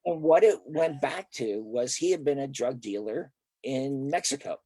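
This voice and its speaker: In a conversational interview, an older therapist recounts stories with animation, performing the quoted lines of the people in them. He speaks in a mid-range voice at normal speed, and there's no echo.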